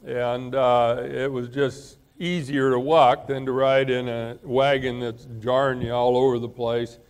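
A man preaching a relaxed, conversational sermon, often pausing and clearing his throat. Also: medium pitch. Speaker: pastor.

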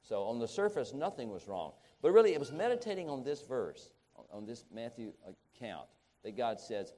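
A middle-aged man preaching a sermon, halting and restarting often, then rising to emphatic peaks. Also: medium pitch, sing-song, dark tone.

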